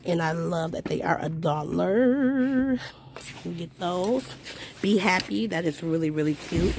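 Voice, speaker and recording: A woman's voice: lowish voice, animated, a little slow, background noise. Gushing woman vlogging a store haul. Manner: gushing, upbeat, repeats "love, love, love". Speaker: shopping vlogger. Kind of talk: casual store haul walkthrough. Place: inside a discount store.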